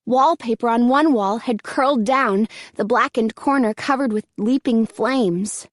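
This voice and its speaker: A woman narrating an audiobook in a slow, measured reading. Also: fairly high pitch, dry recording, studio quality. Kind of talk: scripted narration.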